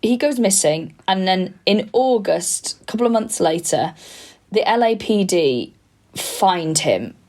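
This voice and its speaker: A woman's voice: medium pitch, expressive, unhurried, a little mellow. A woman co-hosting a true-crime comedy podcast, talking casually and bluntly and often restarting her sentences.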